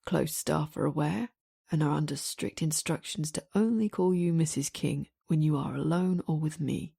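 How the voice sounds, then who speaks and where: A woman voicing a deep gruff protective husband. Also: normal speed, warm tone, heavily acted. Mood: calm, tender.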